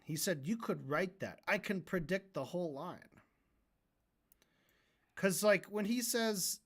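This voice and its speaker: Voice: mid-range voice, a bit bright. A streamer reacting to a debate, ranting and mocking in a profane voice.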